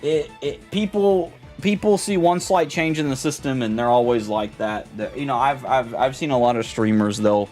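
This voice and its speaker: A man's voice: medium pitch, normal speed, hardly any pauses, a little mellow, faint music behind. Rambling man chatting on a live stream. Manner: rambling, repeats words and restarts. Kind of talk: casual live-stream chat.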